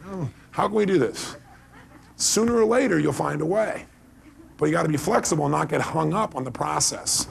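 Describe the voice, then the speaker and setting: A man giving a motivational seminar talk, animated, acting out quoted dialogue and asking the audience questions. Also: on the high side, moderate pace, gravelly, pauses often, slight background noise. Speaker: motivational speaker.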